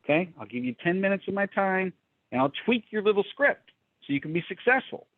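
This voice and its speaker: A middle-aged man hosting a business mastermind video call, coaching in a fast, emphatic rant that repeats words and acts out dialogue. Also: high-pitched, sing-song, no echo. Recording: dry, phone-like call audio.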